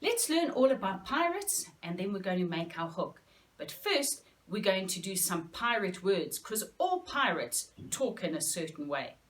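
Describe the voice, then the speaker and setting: Woman teacher for small kids, slow and sing-song. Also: medium pitch, big pitch swings. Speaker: children's teacher. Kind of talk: lesson for young children.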